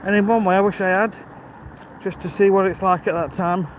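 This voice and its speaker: A man in his fifties with a notably high speaking voice talks casually while he walks, a little out of breath and picked up by a phone mic. Steady outdoor noise runs behind him, and he greets viewers by name as he answers their comments. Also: a little fast. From United Kingdom. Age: 50s. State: out of breath from walking uphill. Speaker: livestream host. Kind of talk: casual live-stream chat while walking. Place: outdoors on a rural walk. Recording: outdoor ambience with audible wind and noise.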